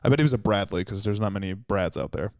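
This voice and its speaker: A man's voice: on the low side, quick pace, darkish tone, no echo. A man hosting a comedy podcast, joking crudely and animatedly as he riffs on a restaurant's dishes and reviews. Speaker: podcast host. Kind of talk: casual comedic banter.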